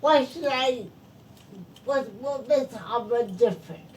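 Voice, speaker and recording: Woman host, stroke-affected speech, slow halting and repeating words, bit high voice, sounds far off with some noise. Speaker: podcast host and interviewer. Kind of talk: interview. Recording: distant mic with background noise.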